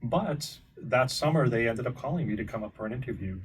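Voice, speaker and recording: A man's voice: mid-range voice, slightly rough. A man in his fifties, a veteran TV meteorologist, chatting easily in an interview and laughing often. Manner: chatty, easygoing, quick to laugh. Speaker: guest, longtime TV meteorologist. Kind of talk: casual interview. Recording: distant mic with faint background noise.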